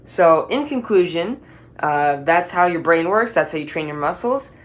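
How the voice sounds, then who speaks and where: Woman, student presenter, class presentation, playful analogies, fairly low voice. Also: expressive, normal speed. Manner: explains with playful analogies, talking straight to the listener.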